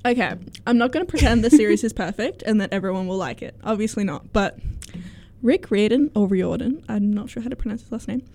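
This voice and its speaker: A young woman in casual chat, defending her view with laughter and quick interruptions. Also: medium pitch, darkish tone. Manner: defensive, laughing, talks over the other speaker.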